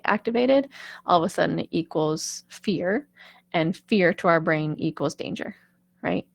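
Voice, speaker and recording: A woman's voice: lowish voice, vocal fry, no echo. A woman vocal coach talking casually on a live stream, chatty and reassuring, often checking in with "right?".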